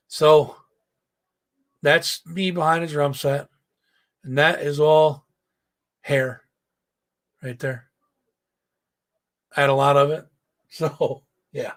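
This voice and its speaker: Hoarse, rambling male stream host. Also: on the high side, steady tone, slow pace, pauses often. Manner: rambling, profane storytelling with chat asides. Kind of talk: casual live-stream chat.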